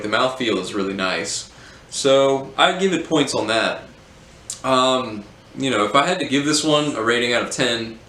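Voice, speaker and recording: A man casually reviewing a beer, relaxed and hesitant with many ums. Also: medium pitch. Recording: roomy echo, faint hum.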